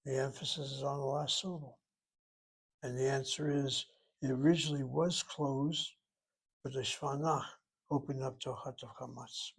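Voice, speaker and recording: A man's voice: medium pitch, fairly even intonation, moderate pace, slightly rough. A man teaching a Hebrew lesson from a textbook, thinking aloud, asking himself questions and spelling words out. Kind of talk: self-study lesson, reading from a textbook.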